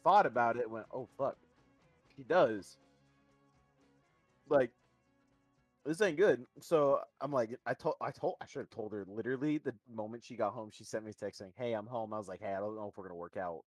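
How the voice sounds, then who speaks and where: A man's voice: mid-range voice, normal speed, pauses often, dry recording, soft background music. Young man rambling through a story. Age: young adult. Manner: rambling, swearing, mimics voices in quotes. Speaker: podcast co-host. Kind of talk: casual storytelling chat.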